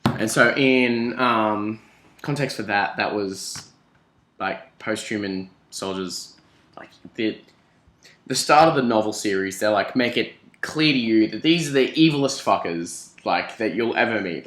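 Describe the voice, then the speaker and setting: A young man with an Australian accent, chatting casually with his housemate, animated and rambling and swearing freely. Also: lowish voice, a little slow. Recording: echoey room.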